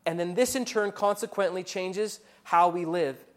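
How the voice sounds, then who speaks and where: A man, a pastor, delivers an earnest sermon at a moderate pace. His voice swells loudly during accusing passages and sinks low and soft in reflective moments.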